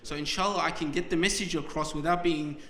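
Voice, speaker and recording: A man's voice: on the high side, fairly even intonation, fast talker, pushed and bright. A man giving a passionate, emotional sermon at a religious gathering, often restarting his words. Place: large hall at a community religious program. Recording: echoey hall reverb.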